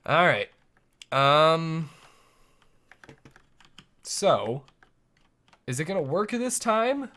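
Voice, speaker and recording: A man's voice: medium pitch, a bit bright. Rambling young male game streamer. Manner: rambling self-talk with playful boop noises. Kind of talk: live gameplay commentary.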